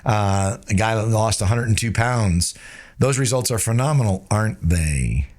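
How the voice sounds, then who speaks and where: A man teaching sales closing techniques in an energetic coaching style, sprinkling tag questions and swinging his tone up and down to demonstrate. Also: moderate pace. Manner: changes pitch and tempo to demonstrate. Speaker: sales trainer. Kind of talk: instructional talk.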